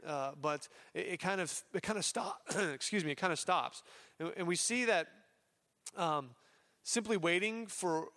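Man, pastor, sermon, casual and chatty, slightly high voice. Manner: casual, animated storytelling with voiced asides and many fillers.

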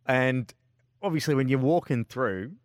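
A man's voice: mid-range voice, unhurried, clean tone, no echo, clean studio sound. A man co-hosting a casual motorsport chat, rambling with lots of filler words and laughing at his own stories. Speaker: co-host.

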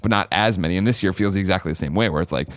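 A man co-hosting a podcast, chatting casually in a fast, animated, playful way. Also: deep voice, no echo, clean studio sound. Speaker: podcast co-host. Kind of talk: casual chat.

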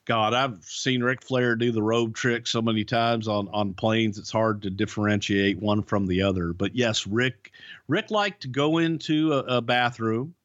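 A man's voice: on the low side, a little slow, fairly bright tone, dry recording. A man co-hosting a podcast, telling rambling, profane stories about life on the road, full of restarts. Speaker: podcast co-host, former wrestling writer. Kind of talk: casual storytelling. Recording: dull, lo-fi podcast audio.

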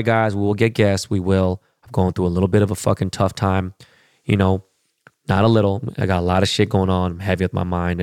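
Dude ranting on his podcast, low gravelly voice, swears a lot, dry close sound. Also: a little mellow, no echo. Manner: profane, rambling, blunt opinions. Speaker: podcast host. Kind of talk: casual chat.

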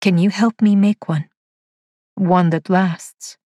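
A woman voicing a tired, resolute female android in an audio drama reading, speaking quietly and steadily. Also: fairly low pitch, steady tone, slow pace, no room sound, studio quality. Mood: weary. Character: weary female android, soft-spoken and resolute.

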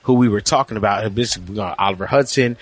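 A man co-hosting a casual golf podcast, talking in animated, teasing bursts. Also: on the low side, quick pace, dry recording. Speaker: podcast co-host and golf reporter. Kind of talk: casual sports podcast chat.

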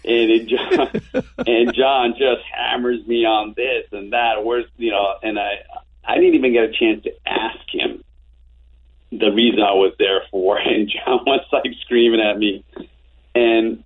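A man in his fifties telling animated anecdotes as an interview guest, with frequent restarts. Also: mid-range voice, unhurried. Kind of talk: casual storytelling. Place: home office. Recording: tinny phone-like line.

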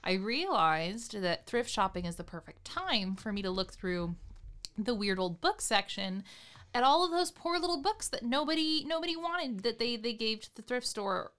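A woman's voice: on the high side, big pitch swings, normal speed, a bit bright, clean tone. A woman co-hosting a casual book podcast, playful and giggly, reading a book blurb aloud. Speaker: podcast co-host. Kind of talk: casual chat about books.

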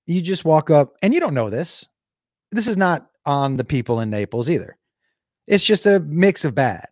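A man's voice: fairly high pitch, big pitch swings, normal speed, a little mellow, no echo, studio quality. A male comedian telling a profane, digressive story in a casual chat with viewers. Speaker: comedian and show host.

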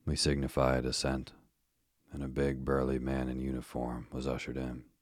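Casting: calm male sleep-story narrator; deepest bass, flat delivery. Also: dry recording, clean studio sound. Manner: calm, even and unhurried.

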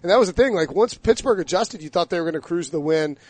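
Male sports host, chatty, slightly higher voice, dry close mic. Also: lively intonation, fast, darkish tone, dry recording. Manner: chatty, joking, lots of fillers. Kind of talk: casual sports debate.

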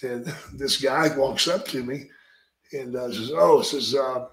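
A man's voice: mid-range voice, slow pace, fairly bright tone. A man spins a casual story in a loose, drawling way. He swears freely and peppers his talk with "man" and "brother". His voice carries a noticeable echo from the room. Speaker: podcast host and retired wrestler telling stories.

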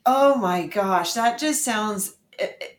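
A woman hosting a casual interview, chatty and expressive, with lots of "like". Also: mid-range voice, slow. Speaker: podcast host.

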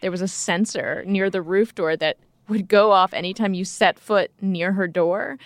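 A woman co-hosting a podcast, narrating scripted segments in a bright, playful way. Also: mid-range voice, moderate pace, no room sound. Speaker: podcast co-host.

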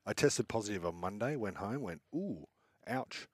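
A man's voice: lowish voice, animated, a little fast, breathy edge, no room sound. A man, a regular panelist on a sports talk show, chatting in a laid-back, self-mocking way in a small studio. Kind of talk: casual sports chat.

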